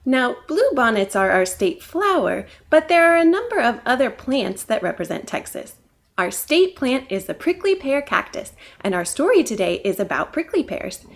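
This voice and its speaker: A woman's voice: a little high, very animated, moderate pace, creaky. A woman librarian reading a picture book aloud at storytime, asking the kids questions. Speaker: children's librarian. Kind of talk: children's storytime read-aloud.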